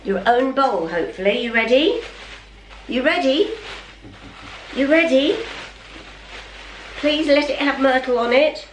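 A woman's voice: sits high, animated, unhurried, long pauses, a little hiss or hum. A middle-aged woman chatting in a home vlog, talking to her dog while she unboxes parcels and keeps exclaiming. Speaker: vlogger. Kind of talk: casual vlog. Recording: roomy, from a distance.

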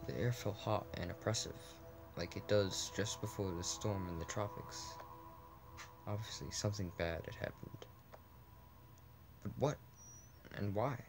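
Young-sounding gamer guy reading a text game aloud, slightly low voice, trips over words, faint music behind. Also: a little slow, vocal fry, pauses often. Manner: stumbling reading with restarts and asides.

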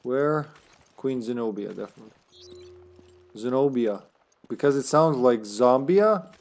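A man's voice: medium pitch, expressive, a little mellow. Chatty man streaming a game. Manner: chatty, laughs often, tired but talking fast. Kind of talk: casual live-stream commentary.

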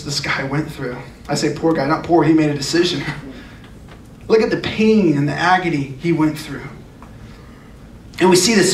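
A man preaching a sermon as a youth pastor, earnest and emphatic, often repeating his phrases. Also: a little high. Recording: echoey room, distant mic, faint noise.

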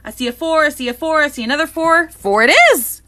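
A woman hosting a live unboxing, chatting excitedly and greeting viewers by name. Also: high voice, fast. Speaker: live-stream host.

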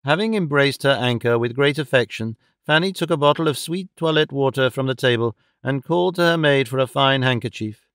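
A man giving scripted narration of a classic novel in a measured, even storytelling way. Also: mid-range voice, clear, resonant tone, no room sound, clean studio sound. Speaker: audiobook narrator.

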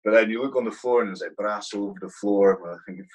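With a fairly low, slightly mellow voice, a man in his thirties talks fast as a podcast guest. He's an army platoon sergeant sharing blunt, swear-laden war stories in a casual storytelling way. The recording is low quality.

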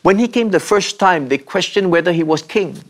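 A man preaching a sermon, slow and measured, with dramatic pauses and repeated refrains. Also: high-pitched, expressive. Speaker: pastor.

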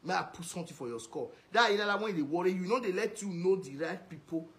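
A man's voice: high voice, lively intonation, fast talker, fairly bright tone. A man with a Nigerian Pidgin accent delivering a ranting video message, scolding and insulting someone over and over. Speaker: social media commentator.

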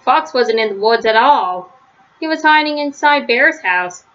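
A woman reading a children's story aloud, gentle, with small slips and restarts, on a slightly lo-fi recording. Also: on the high side, lively intonation, measured pace. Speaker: storybook reader.

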